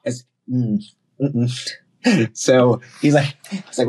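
Man, Southern US accent, low husky voice, animated storyteller, podcast guest. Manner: animated, quotes himself and others in quick bursts. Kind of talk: casual storytelling chat.

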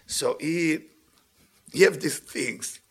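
A man giving a religious lecture, telling stories in an animated way and often laughing. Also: on the high side, takes it slowly. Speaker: Torah teacher.

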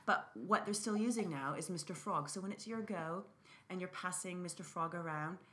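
A woman music teacher talking in an interview, animated, acting out chants and dropping to a whisper to show quiet singing. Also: fairly low pitch, moderate pace.

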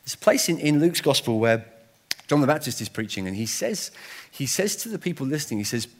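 A middle-aged man preaching a sermon in an animated, conversational way, often restarting and adding asides. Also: mid-range voice, fairly quick.

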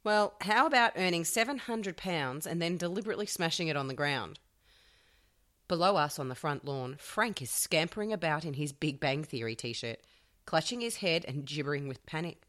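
A woman reading a teen novel aloud on a podcast, with expressive, dramatic storytelling. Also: low voice, normal speed.

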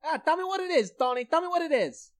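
Woman co-host, comedy podcast; very high voice, brash and boastful. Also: lively intonation, fast. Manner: brash boastful banter, over-the-top. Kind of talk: mock trash-talk comedy podcast.

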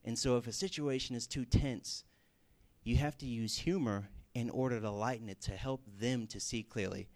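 A man preaching a sermon in a casual way, telling stories with lively bursts and everyday fillers. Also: medium pitch, normal speed. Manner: casual, animated storytelling with fillers. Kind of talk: sermon with storytelling.

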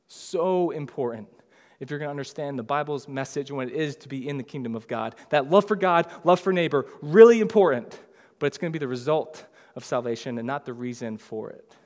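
A pastor preaching a sermon in a casual, conversational way, acting out the lines of biblical figures in lively voices. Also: male voice, medium pitch, long reverb tail.

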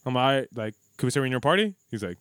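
A man's voice: mid-range voice, sing-song, very fast, fairly bright tone, clean tone, no echo. A man co-hosting a casual podcast chat, rambling and swearing as he tells stories and acts out what people said. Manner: profane, rambling storyteller, acts out quotes. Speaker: podcast co-host.

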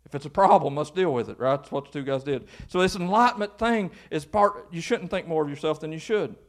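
A male pastor preaching an informal, folksy sermon that builds to animated exhortation. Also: fairly high pitch, a little fast.

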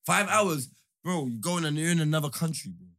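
A man hosting a casual chat, animated and slang-heavy, repeating himself for emphasis. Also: a little high, fairly quick.

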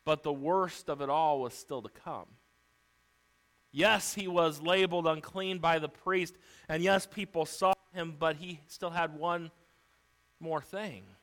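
A man's voice: on the high side, a little slow, a bit bright. A man preaching a sermon, retelling a story vividly and theatrically.

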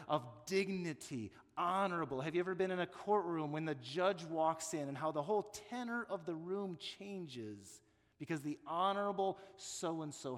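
High-voiced pastor preaching in a reverberant hall. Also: male voice. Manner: earnest, stumbles and repeats words when moved. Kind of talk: sermon.

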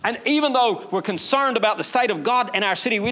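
A man. He is animated and lifts his voice sharply when he acts out quoted prayers. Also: high-pitched, quick pace, hardly any pauses. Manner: animated preaching, acting out quoted prayers in a raised voice. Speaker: pastor. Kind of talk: sermon.

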